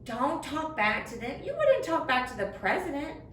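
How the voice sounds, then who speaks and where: A young woman giving a children's sermon in simple, animated words, recorded in a church room. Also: high-pitched, moderate pace. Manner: animated, speaks simply to children, acts out voices. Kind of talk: kids' sermon. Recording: echoey room, far from the mic, faint noise.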